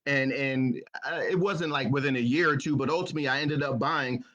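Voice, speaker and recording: A man's voice: mid-range voice, a little fast, a bit bright, lo-fi sound. A man giving a motivational talk, telling his own story in an earnest way and often repeating his words. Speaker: motivational speaker.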